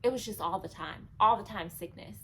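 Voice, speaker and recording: A young woman vlogging casually to camera, chatty and animated, acting out past moments in a higher voice. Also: fairly quick, gravelly, a little hiss or hum, low-quality recording.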